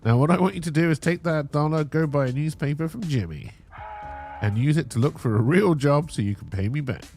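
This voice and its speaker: A man's voice: on the high side, lively intonation, brisk, darkish tone, soft background music, pitched above the performer's own voice. A man doing a smug sarcastic deer bookie. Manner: dry, sarcastic.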